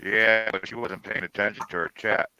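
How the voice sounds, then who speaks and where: A man in casual chat on a live stream, joking and telling animated stories. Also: fairly low pitch, normal speed, no echo, rough recording.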